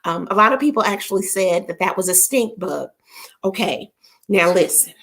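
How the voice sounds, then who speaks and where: A woman's voice: mid-range voice, expressive, moderate pace, gravelly, fairly bright tone. A middle-aged woman hosting a casual live stream, playful and chatty, greeting her viewers by name. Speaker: livestream host. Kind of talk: casual livestream chat.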